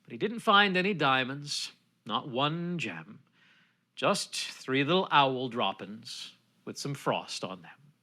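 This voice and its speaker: At an online bardic gathering, a man recites a folksy narrative ballad in down-east storytelling style. His mid-range voice is very animated and sharp-toned, delivered at a slow pace.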